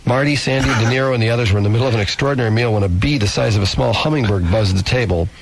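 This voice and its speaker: A man's voice: rapid-fire, gravelly. An American man hosting morning radio, reading a book aloud and acting out quoted lines, taped from a radio broadcast. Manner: animated reading, acts out quoted lines in a high voice. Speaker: radio morning show host. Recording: home cassette recording of a radio broadcast, faint hiss.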